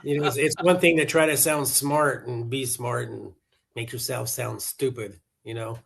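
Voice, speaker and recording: A Colorado contractor in his sixties chats over a video call as a client, rambling, laughing easily, and repeating his words. His medium-pitched voice is steady, gravelly, a bit bright, and breathy at the edges, at a moderate pace.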